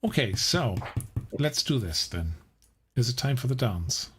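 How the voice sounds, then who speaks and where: A man's voice: mid-range voice, very animated, measured pace, a bit bright, husky. A man running a tabletop game as game master, describing scenes and asking players what they do.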